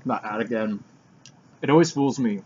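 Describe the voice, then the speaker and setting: A man's voice: mid-range voice, normal speed, darkish tone, breathy edge, muffled recording. A man casually commenting on songs as he listens, thinking aloud and sometimes eating while he talks. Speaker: music reaction vlogger.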